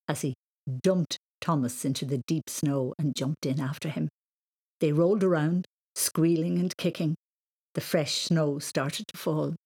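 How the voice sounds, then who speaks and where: A woman narrating a children's storybook in a calm, gentle, measured way. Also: sits low, creaky, husky.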